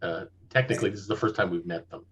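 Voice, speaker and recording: Husky, dry-humored man, lower voice. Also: steady tone, fast, a bit bright. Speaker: player.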